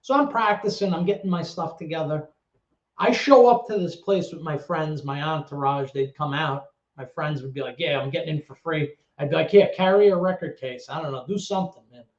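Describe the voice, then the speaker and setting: A former actor and DJ from the Bronx, New York, guests on a casual storytelling interview, acting out voices with animated energy and swearing freely. His pitch is fairly high and his delivery brisk. The echoey room gives the recording a dull, lo-fi sound.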